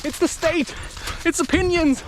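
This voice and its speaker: A man voicing a whiny leashed female dog who pleads for attention, in a high, pleading mock voice. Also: fairly even intonation, a little slow, background noise. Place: outdoors.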